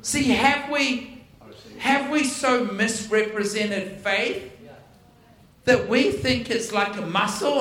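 A man preaching a storytelling sermon, animated and playful, acting out dialogue with self-deprecating humor. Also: extremely high pitch, slow pace. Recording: echoey hall from far off.

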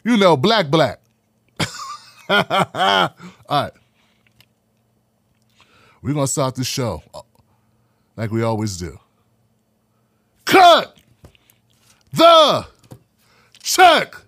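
A man hosting a live podcast, talking in an animated, preachy way and repeating phrases for emphasis. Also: mid-range voice, slow, vocal fry, pauses often, no echo, studio quality. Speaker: podcast host. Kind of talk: live-streamed podcast talk.

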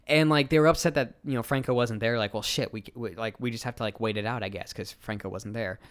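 A man's voice: mid-range voice, fast talker, clear, resonant tone. A man co-hosting a podcast, casually recapping a movie and acting out lines in silly voices. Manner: rambling, acts out quotes with silly voices. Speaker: podcast co-host.

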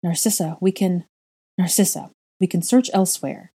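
A woman's voice: on the low side, moderate pace, vocal fry, warm tone, husky. A woman voicing a cold, proud middle-aged aristocratic father who speaks in a clipped, bitter growl.

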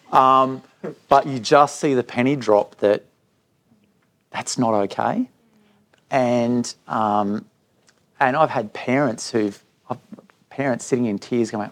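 A man's voice: fairly low pitch, creaky. A man, a school director of middle years, talking candidly at a live parent evening and telling stories with quoted dialogue. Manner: candid storytelling, animated when quoting others. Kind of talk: speaking at a live parent info night.

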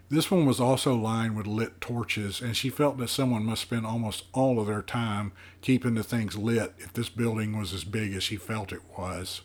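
A man narrating a dark fantasy novel as an audiobook, in a steady, even storytelling manner. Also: fairly low pitch.

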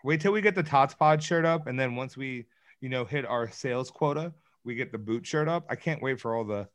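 A man co-hosting a podcast in casual chat, excitable and jokey, swearing freely. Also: mid-range voice, brisk. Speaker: podcast co-host.

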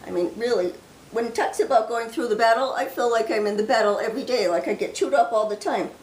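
A woman hosting her ministry channel, slowly reading scripture and prophecy aloud, with chatty, hesitant asides in between. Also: on the high side, darkish tone. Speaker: ministry host sharing prophecy. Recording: roomy echo.

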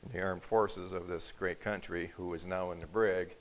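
A man preaching a sermon in church, telling a story with acted quotes and building to forceful emphasis. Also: sits low, fairly even intonation, moderate pace, poor audio. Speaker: pastor. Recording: faint hiss.

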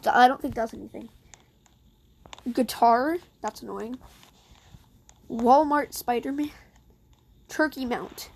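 A woman's voice: high voice, slightly rough. A woman giving casual gameplay commentary in a chatty, sarcastic way with muttered asides. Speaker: gameplay streamer.

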